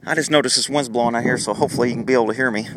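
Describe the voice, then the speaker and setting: A man's voice: mid-range voice, steady tone, very fast. A man, a horse trainer, talking casually while riding outdoors in the wind, filmed on a handheld camera and now and then putting on his horse's voice. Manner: folksy, voices the horse's thoughts in asides. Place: outdoors, on horseback in a windy pasture. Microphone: handheld camera mic while riding. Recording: faint wind and outdoor noise.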